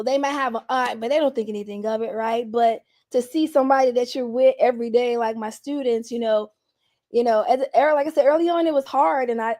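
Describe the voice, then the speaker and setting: A young adult woman telling candid stories in an interview, laughing often and acting out what people said. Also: on the high side. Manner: animated, laughs often, acts out quotes. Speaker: guest.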